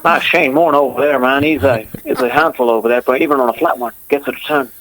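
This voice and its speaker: A man's voice: mid-range voice, fast, a crowd in the background, close to an everyday voice, low-quality recording. A man playing a cheerful Australian cricket fan, speaking in a put-on Australian accent with a jovial, blokey manner.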